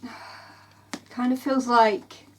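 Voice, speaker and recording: Young woman, book vlogger, rambling and emotional, slightly high voice, tired and sore. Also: steady tone, extremely slow, background noise. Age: 20s. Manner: rambling, emotional, full of "like"s and restarts. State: tired and in pain. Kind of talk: casual vlog chat.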